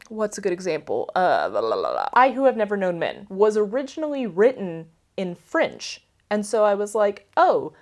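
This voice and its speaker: A woman's voice: mid-range voice, darkish tone. A young woman in casual chat to camera about books, rambling and asking viewers for their opinions. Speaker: book vlogger.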